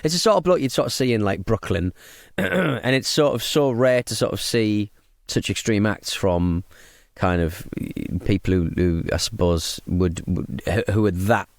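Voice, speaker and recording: A man co-hosting a podcast in casual chat, rambling and halting, with many restarts. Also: lowish voice, gravelly, no echo. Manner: puts on silly voices when telling stories. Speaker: podcast co-host. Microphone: close podcast mic.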